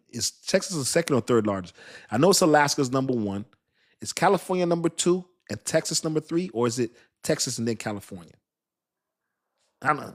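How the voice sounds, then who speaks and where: This crypto channel host is a middle-aged man with a mid-range voice, running an informal talk. He reads viewers' chat messages aloud, repeats points to drive them home, and laughs at what he says.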